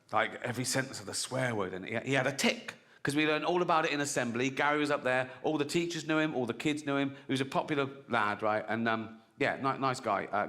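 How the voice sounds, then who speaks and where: Comedian in his 60s, crisp bright voice, loose storytelling on stage. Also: mid-range voice. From England. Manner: conversational, keeps checking in with "right?". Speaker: stand-up comedian. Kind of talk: stand-up storytelling.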